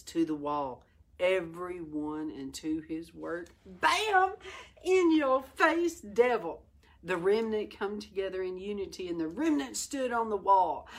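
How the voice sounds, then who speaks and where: A middle-aged woman teaching a Bible study, reading scripture and exhorting her listeners with fiery energy. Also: fairly low pitch. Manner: fiery, exhorting, breaks into laughter and exclamations.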